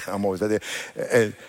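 A male pastor preaching a sermon with energy and humor, often getting the congregation to repeat words after him. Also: on the low side. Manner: energetic, joking, leads congregation call-and-response. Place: church auditorium. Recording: long reverb of a church hall.

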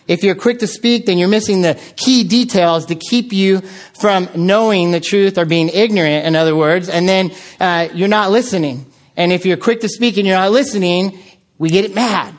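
A man preaching a sermon from the United States, telling stories in an animated way with frequent filler words. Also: high voice. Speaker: pastor.

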